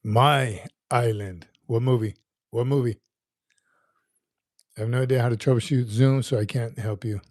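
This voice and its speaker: Mellow-voiced man hosting a casual livestream. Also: medium pitch, fairly even intonation, moderate pace, long pauses, no room sound, clean studio sound. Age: 50s. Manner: rambling, repeats words, reads viewer comments aloud. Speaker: livestream host.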